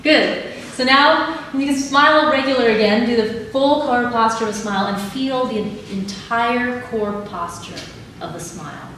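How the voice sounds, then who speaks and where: A woman leading a live audience through body exercises in a calm, instructive way, laughing easily. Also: on the high side, a little slow. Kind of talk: live talk with guided exercises. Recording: echoey hall, mic at a distance, audible background noise.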